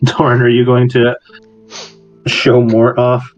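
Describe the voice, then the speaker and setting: A man's voice: medium pitch, monotone, takes it slowly. A man running a tabletop game as dungeon master, casual and laughing, swearing freely as he narrates. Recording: muffled recording with background music.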